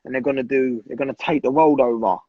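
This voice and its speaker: A man's voice: medium pitch, steady tone, quick pace, breathy edge, no echo, lo-fi sound. A man in his twenties, talking bluntly in a casual chat, swearing a lot and repeating himself for emphasis. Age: 20s. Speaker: guest.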